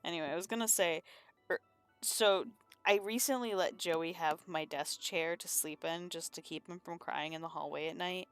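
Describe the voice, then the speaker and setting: A woman's voice: on the low side, steady tone, moderate pace, clean tone, faint music behind. A woman streaming from her room at home, chatting casually and rambling while she works on comics, laughing often and swearing now and then. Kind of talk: casual chat while drawing.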